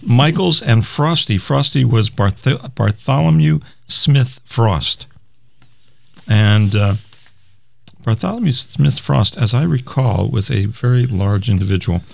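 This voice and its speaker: A man's voice: medium pitch, animated, slow, creaky, no echo. A man co-hosting a music radio show, chatting casually and rambling as he reads out old album liner notes. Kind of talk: casual chat about music records.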